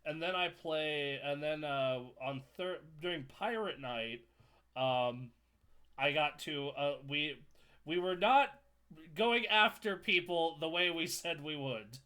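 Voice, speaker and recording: A man co-hosting a casual gaming podcast, telling stories with animated energy, laughing and swearing freely. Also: fairly high pitch, takes it slowly, clear, resonant tone. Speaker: podcast co-host and streamer.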